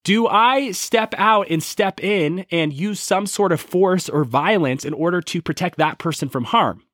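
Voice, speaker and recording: Young adult male podcast host, fairly high voice, earnest conversational storyteller, dry recording. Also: measured pace, a bit bright, no echo. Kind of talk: storytelling monologue.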